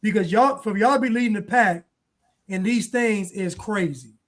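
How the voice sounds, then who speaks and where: Man, high-pitched voice, livestream host, emphatic, repetitive. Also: moderate pace. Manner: emphatic, preachy, repeats points. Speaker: show host. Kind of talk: livestream commentary.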